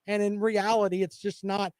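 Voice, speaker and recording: Man, high voice, dry close sound, teasing sports-show co-host, rowdy banter. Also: little pitch movement, normal speed, a little mellow, clean tone, no echo. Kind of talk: casual sports chat.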